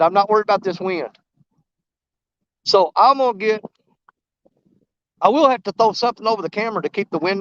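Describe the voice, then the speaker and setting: A man, talking straight to his viewers in a casual outdoor fishing vlog, excitable and emotional, recorded on a camera mic muffled against the wind on a river bank. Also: sits high, smooth, dry recording. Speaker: fishing vlogger.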